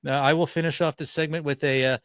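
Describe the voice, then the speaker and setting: A man's voice: fairly high pitch, steady tone, fast, fairly bright tone, clean tone, no room sound. A man hosting a comedy podcast in casual chat, laughing often and wrapping up segments. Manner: laughs often, upbeat segment wrap-ups. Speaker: podcast host.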